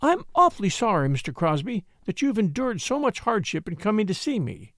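A man reading an audiobook, voicing a spirited, excitable young woman who gushes and teases sweetly. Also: high-pitched, a little fast, no echo, clean studio sound, voice pushed up, heavily acted. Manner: breathless, gushing, sweetly teasing.

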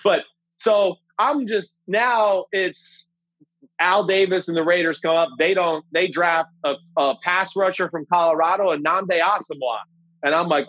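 A man in his forties, a former pro quarterback, casually telling a draft story with animated, profane energy. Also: high voice, normal speed, dry recording, highs cut off. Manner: animated, profane, acts out quoted voices. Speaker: former NFL quarterback, podcast guest.

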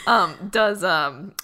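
A woman co-hosting a podcast, chatting casually and asking playful, teasing questions. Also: medium pitch. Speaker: podcast co-host. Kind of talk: casual chat.

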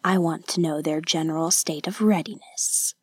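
A woman voicing a scheming, menacing male samurai lord in a hushed whisper, as whispered role-play in an audiobook. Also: on the high side, steady tone, normal speed, husky, no room sound, studio quality. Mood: conspiring.

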